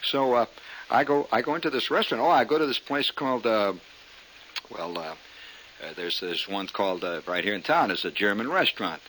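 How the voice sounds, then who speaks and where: A man's voice: on the low side, animated, a little fast, a bit bright, slight background noise, poor audio. A male comedian telling a rambling story full of fillers and restarts. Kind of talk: stand-up storytelling.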